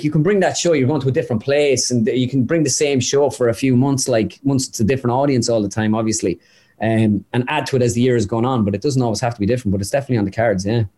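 A young man, a guest impressionist, chatting casually and telling quick anecdotes in an interview. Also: mid-range voice, dark tone. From Ireland.

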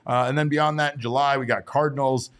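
A man with a hoarse voice, co-hosting a casual sports podcast and ranting playfully with excitable energy. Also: medium pitch, quick pace.

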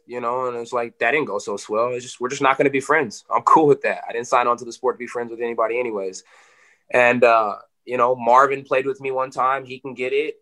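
A man talking quickly and brightly, words tumbling out as he recounts a grudge in a relaxed interview. He peppers everything with "you know" and curses freely, lively and blunt. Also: medium pitch. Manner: animated, swearing, lots of "you know". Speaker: fighter. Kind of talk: casual interview storytelling.

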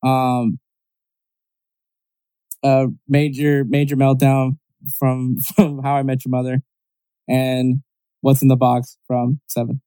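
A man with a mid-pitched, mellow voice retelling a story in casual chat. He rambles through it with many fillers and restarts. The recording is dry. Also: monotone, slow pace, long pauses, clear, resonant tone, no echo.

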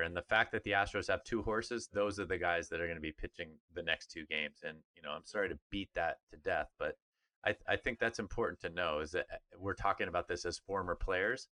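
A man's voice: low voice, fairly quick. A middle-aged man, a former pro player, co-hosting a sports podcast in casual, emphatic chat. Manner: animated, emphatic, mimics others in funny voices.

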